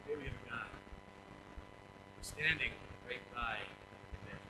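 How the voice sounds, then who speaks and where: An older man preaching a sermon as pastor, emphatic and animated, acting out quotes and chuckling along the way. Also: medium pitch, normal speed, background noise.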